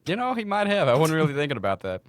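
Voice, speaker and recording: A young man co-hosting a podcast, telling work stories in a casual, animated way and swearing freely. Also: on the high side, racing, no room sound, studio quality. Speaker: podcast co-host. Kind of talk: casual storytelling chat.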